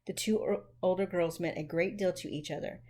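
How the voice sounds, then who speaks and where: Gentle woman reading a storybook. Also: on the low side, fairly even intonation, brisk. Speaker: audiobook narrator.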